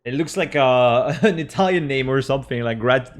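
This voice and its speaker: Soft background music plays as a young French-accented streamer from France chats casually with his viewers, sounding out their names and laughing at them. He speaks at medium pitch and normal speed, barely pausing.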